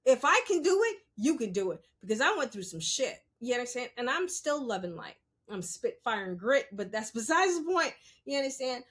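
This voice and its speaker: A woman with a fairly high, sing-song and slightly rough voice rattles along quickly with few pauses as she hosts her podcast. The solo talk is unscripted, blunt and laced with profanity, aimed squarely at listeners, punctuated by frequent "You understand?"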